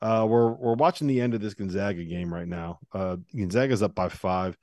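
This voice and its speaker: Wry low-voiced man hosting. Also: a little fast, a little mellow, no room sound, clean studio sound. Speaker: podcast host. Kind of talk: casual sports chat and read ad.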